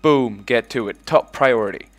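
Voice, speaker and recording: A man in the middle of a let's play, chatting loosely over his game. His voice sits at a plain middle pitch. He swears freely, barks orders at his units, and punctuates them with loud "boom"s. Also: moderate pace, background noise. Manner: excitable, swears casually, shouts "boom" when giving orders; talks to in-game units as if they were his troops. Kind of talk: casual gameplay commentary.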